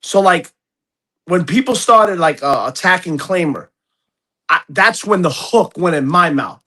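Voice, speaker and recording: High-voiced man ranting bluntly. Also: animated, a little slow, pushed and bright. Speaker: podcast host. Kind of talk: heated casual chat.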